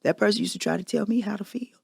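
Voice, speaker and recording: A woman's voice: mid-range voice, fast talker, vocal fry, slightly rough, no echo, studio quality. A woman hosting a podcast, telling a personal confession in a candid, emphatic storytelling manner. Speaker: podcast host.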